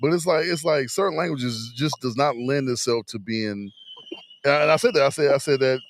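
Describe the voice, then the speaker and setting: A man co-hosting a podcast in casual chat, rambling with lots of repeated words and sudden loud laughs. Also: medium pitch, normal speed. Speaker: podcast co-host. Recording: noisy podcast recording.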